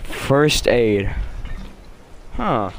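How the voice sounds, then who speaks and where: A man's voice: mid-range voice, big pitch swings, very slow, a little hiss or hum. A young man giving casual, jokey commentary while playing a horror game, often yelping and shrieking when scared. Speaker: let's play gamer.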